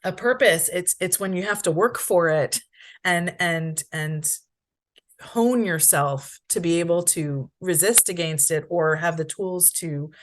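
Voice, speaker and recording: A woman's voice: fairly low pitch, measured pace. A woman hosting a podcast, reflective and thoughtful, often checking in with "you know" and "right". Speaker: podcast host. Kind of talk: casual podcast conversation.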